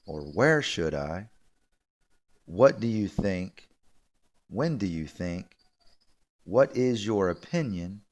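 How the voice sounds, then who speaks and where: A male English teacher giving a recorded video lesson, explaining in a relaxed way and repeating key points. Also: sits low, slow, pauses often.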